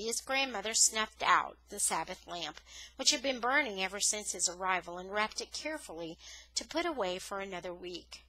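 A woman's voice: medium pitch, dry recording, poor audio. A woman reading a novel aloud as a storyteller, lifting her voice on the dramatic moments. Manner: expressive storytelling, rising on dramatic words. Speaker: audiobook reader.

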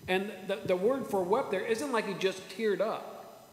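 A man preaching a sermon as pastor, earnest, repeating words and slowing down for emphasis. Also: high-pitched, slight background noise. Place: church sanctuary. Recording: echoey church hall with faint ambience.

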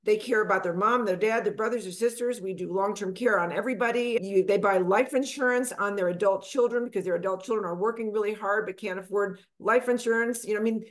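A middle-aged woman from Texas, a financial advisor guest, telling her story in a lively conversational way and acting out the people she quotes. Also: fast, few pauses. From Texas, USA. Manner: animated, acts out quotes with big pitch jumps.

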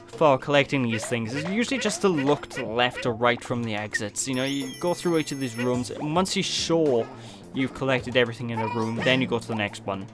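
Rambling jokey let's play host. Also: male voice, medium pitch, expressive, a little fast, fairly bright tone. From Wales. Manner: rambling, self-mocking, jokey asides. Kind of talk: casual gameplay commentary. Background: game music.

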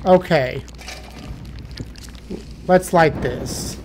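A man's voice: on the high side, drawn-out words, background noise. A man playing a horror game, talking to himself nervously with jumpy exclamations. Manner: nervous running self-talk, jumpy exclamations. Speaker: gaming let's player.

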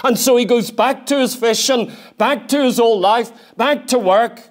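Speaking at normal speed in an extremely high voice, a man delivers an earnest church sermon with plenty of emphasis. He keeps returning to his main points and reads the scriptures aloud in their King James phrasing.

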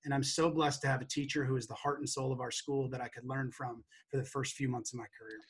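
Earnest, breathy male educator. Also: mid-range voice, little pitch movement, fast. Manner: earnest, emotional, acts out quotes. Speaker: guest educator. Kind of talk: casual interview storytelling.

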